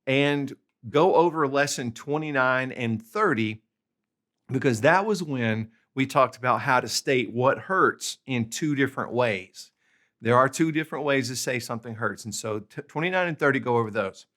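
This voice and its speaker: A man's voice: mid-range voice, normal speed, a bit bright. Patient man teaching a lesson. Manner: patient, repeats checks like "okay?" and "all right?". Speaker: language tutor. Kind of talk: instructional video lesson.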